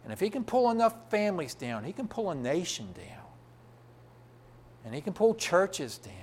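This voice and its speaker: A man's voice: sits high, very animated, moderate pace, darkish tone, a little hiss or hum. A man preaching a sermon, asking the congregation rhetorical questions and answering them himself.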